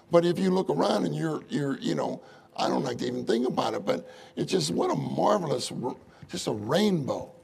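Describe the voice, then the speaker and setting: A man preaching a sermon in an animated way, often asking the audience rhetorical questions and chuckling through his stories. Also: a little high, gravelly. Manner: chuckles often while telling anecdotes.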